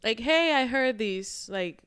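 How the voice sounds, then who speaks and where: A woman co-hosting a podcast in casual chat, animated, laughing often and swearing casually. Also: on the high side, slow pace, clear, resonant tone. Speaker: podcast co-host.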